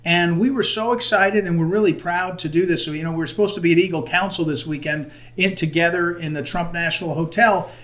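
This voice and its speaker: A man interviewing a guest over a video call, halting often with fillers and restarts. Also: a little high, fairly bright tone. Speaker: interviewer for a conservative group.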